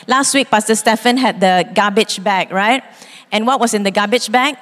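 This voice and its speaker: A woman, preaching a sermon as pastor, expressive and quick to act out voices. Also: medium pitch. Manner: expressive, acts out quoted voices, laughs easily. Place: church hall. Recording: long reverb in a church hall.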